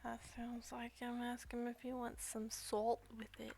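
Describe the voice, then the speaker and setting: A woman streaming while she sculpts doll hair, talking quietly and often half-whispering as she thinks aloud at home at night. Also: fairly high pitch, monotone, moderate pace, vocal fry, a little hiss or hum. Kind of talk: quiet casual stream commentary.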